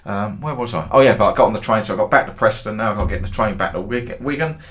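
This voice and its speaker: Rambling, wry man with a low voice. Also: quick pace. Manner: chatty, meandering, dry humour, casual swearing. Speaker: football trading group host. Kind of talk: casual rambling anecdote.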